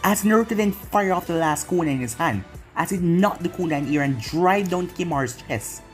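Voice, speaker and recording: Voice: medium pitch, expressive, fairly quick, soft background music. Loose, run-on fan-story narrator. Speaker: storyteller, channel host. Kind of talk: reading fan fiction aloud.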